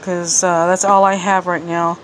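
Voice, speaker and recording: Talking with a fairly low, flat voice a little slowly, a woman chats through a casual kitchen demonstration for her home vlog. She holds her phone in one hand while working with the other and is slightly out of breath. The rough recording carries a little hiss or hum.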